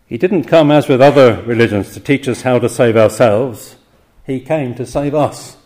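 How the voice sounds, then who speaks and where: Earnest preacher, measured and emphatic. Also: male voice, mid-range voice, darkish tone. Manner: earnest, emphatic, rhetorical questions, slows for scripture quotes. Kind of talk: evening sermon.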